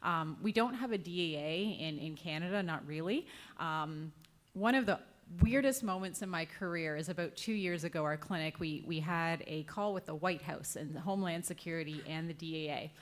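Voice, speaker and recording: A woman's voice: sits low, moderate pace. A woman, a clinician on a conference panel, telling a wry anecdote. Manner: wry, storytelling.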